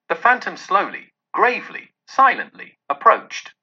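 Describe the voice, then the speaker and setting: A man narrating a classic tale in a theatrical, expressive way, his voice husky but bright and piercing. His pitch swings widely, and the recording sounds dull and lo-fi. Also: moderate pace. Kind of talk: dramatic storybook narration.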